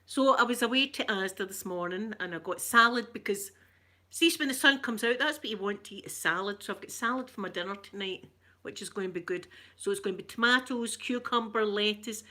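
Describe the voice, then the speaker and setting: Talking a little fast, this woman has a medium-pitched voice with a bright, forceful tone and a Glaswegian Scottish accent. She's middle-aged, from Scotland, and keeps things casual on her live stream, welcoming viewers by name and laughing a lot.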